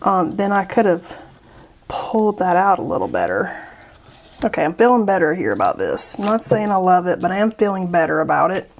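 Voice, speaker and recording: A woman's voice: lowish voice, sing-song, fairly quick, vocal fry, a little hiss or hum. A woman making an art vlog, chatting and joking as she paints, laughing often and easily. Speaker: art YouTuber.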